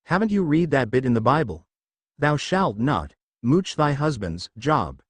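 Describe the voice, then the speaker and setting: A man reading a joking young husband and teacher in a storybook, quick to complain. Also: medium pitch, big pitch swings, no echo. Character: wisecracking young married teacher, a bit whiny.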